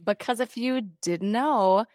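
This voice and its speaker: A woman co-hosting a podcast, playful and lively, reading out industry points. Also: a little high, slow pace, no echo, clean studio sound. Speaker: podcast co-host. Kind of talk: scripted casual podcast banter.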